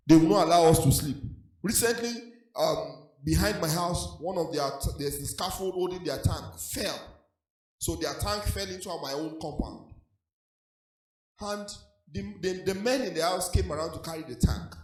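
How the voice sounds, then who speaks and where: High-voiced pastor preaching. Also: male voice, normal speed, a little mellow. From Nigeria. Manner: sing-song preaching cadence, frequent hallelujahs. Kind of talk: sermon. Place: church hall. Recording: echoey church hall with faint music.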